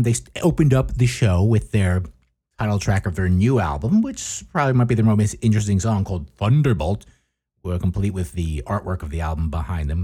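Low-voiced man rambling through a review. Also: mellow. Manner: rambling, chatty, with many fillers. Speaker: podcast host. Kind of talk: casual album and concert review.

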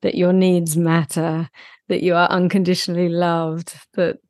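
A woman hosting a podcast interview, affirming her guest with soft repeated agreement. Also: on the low side, level tone, normal speed, no echo, clean studio sound. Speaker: podcast host.

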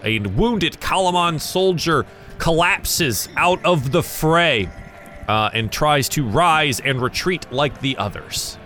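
A man from the American South narrating a tabletop game as game master, animated and chuckling between dice rolls. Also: fairly high pitch, slight background noise.

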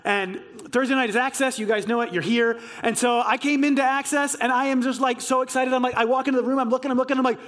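A man with a strikingly high voice delivers a sermon to his congregation. He tells his stories with bubbling excitement and acts out the dialogue of the people in them. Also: fast talker, few pauses. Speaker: pastor.

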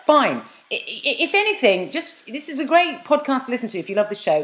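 A woman co-hosting a podcast in casual chat, teasing and lively, slipping into silly voices. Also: medium pitch, fairly quick, few pauses. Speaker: podcast co-host. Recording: roomy echo.

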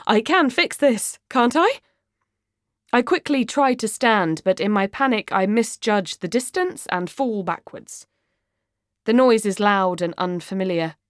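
Slow, expressive woman audiobook narrator. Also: mid-range voice, no room sound, clean studio sound. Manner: expressive, dramatic reading. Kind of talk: first-person audiobook narration.

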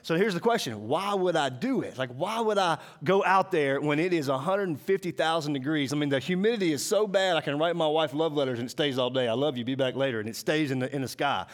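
A man from Mississippi with a Southern accent, giving a lively, joking sermon to a school audience. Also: on the high side, fairly quick, few pauses. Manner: animated, joking, drawling, talks to the crowd. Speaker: guest speaker. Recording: long hall reverb.

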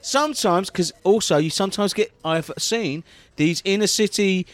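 Deadpan man improvising comedy. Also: high voice, moderate pace, dry recording. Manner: rambling, deadpan absurd.

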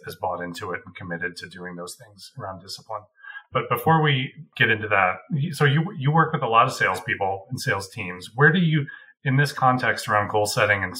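A man hosting an interview and asking long, measured questions that frame the topic. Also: fairly low pitch, bright, forceful tone, far from the mic, rough recording. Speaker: interviewer host. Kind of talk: conversational interview.

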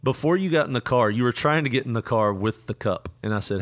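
A man's voice: mid-range voice, lively intonation, fast talker, fairly bright tone. A middle-aged man hosting a casual chat, telling a long story with frequent laughter and quoted lines. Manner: laughing often, retelling with quoted voices.

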